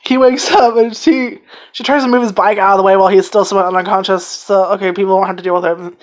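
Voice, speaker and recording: Excitable, swearing woman reviewing anime. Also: medium pitch, quick pace. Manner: excited, swears a lot, rambling retelling. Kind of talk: casual spoken review.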